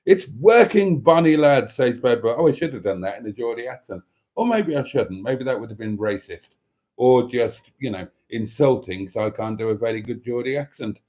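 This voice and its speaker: Man, livestream host, lively swinging pitch, chatty and self-deprecating. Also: a little fast. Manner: chatty, self-deprecating, reads chat messages aloud. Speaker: livestream host reading chat. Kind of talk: casual live stream chat.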